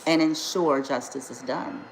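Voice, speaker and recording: Blunt, indignant woman with a low voice. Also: unhurried, vocal fry, reverberant, slight background noise, low-quality recording. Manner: blunt, indignant, emphatic, swears freely. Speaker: spiritual healer. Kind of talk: casual spiritual vlog.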